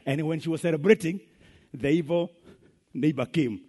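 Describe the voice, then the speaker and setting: Man preaching w kenyan accent, husky and high, mixes english and swahili. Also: normal speed, long pauses, mellow. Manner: switches between English and Swahili, emphatic. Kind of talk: sermon.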